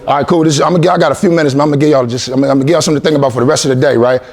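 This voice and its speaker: A man's voice: fairly high pitch, steady tone, rapid-fire, a little mellow. A man in his forties from Columbus, Ohio, giving a motivational talk to young athletes, coaxing and repetitive with call-and-response lines. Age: 40s. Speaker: motivational speaker.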